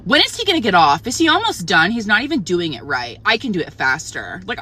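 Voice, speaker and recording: Chatty young mom venting, lots of "like". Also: female voice, medium pitch, big pitch swings, a little fast, few pauses, sharp tone, slight background noise. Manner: chatty, many "like" fillers, exasperated. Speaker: mother of a toddler. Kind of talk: casual storytime rant to camera.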